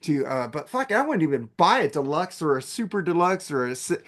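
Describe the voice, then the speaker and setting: Man, high voice, podcast host, profane loud rants, casual chat. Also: animated, a little fast.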